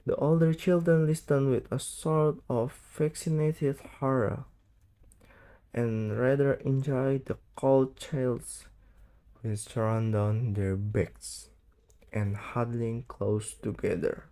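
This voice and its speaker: A young man, reading a novel aloud for school in a halting way, stumbling over and misreading words. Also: medium pitch, mellow. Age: late teens. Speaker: student reading an audiobook. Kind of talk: read-aloud narration of a novel.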